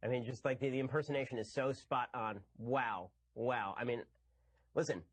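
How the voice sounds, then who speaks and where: A man's voice: mid-range voice, fairly even intonation, slightly rough. A man giving an argumentative commentary monologue. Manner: rapid, argumentative. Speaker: political commentator.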